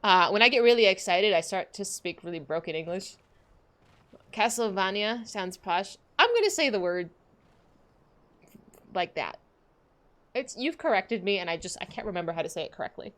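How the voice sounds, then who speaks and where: A woman from Los Angeles, chatting excitably with viewers during a gaming livestream, laughing often. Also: medium pitch, normal speed, pauses often. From Los Angeles, USA. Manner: excitable, giggly, greets viewers. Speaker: game streamer. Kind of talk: casual livestream chat while gaming.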